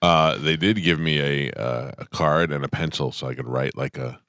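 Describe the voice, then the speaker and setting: A man hosting a morning radio show from the studio, chatting and telling stories in a rambling, animated way. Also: rumbling low, normal speed, no echo. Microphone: studio mic.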